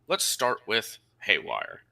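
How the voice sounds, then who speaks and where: Male game master, deep and punchy, theatrical announcer-style narration. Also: huge pitch swings, takes it slowly, creaky, pushed and bright. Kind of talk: narrating a tabletop wargame campaign.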